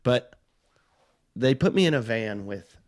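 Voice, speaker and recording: A man's voice: mid-range voice, expressive, unhurried. A middle-aged man, a touring comic, telling rambling self-mocking stories in casual chat and acting out the people he quotes. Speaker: touring stand-up comic, podcast guest.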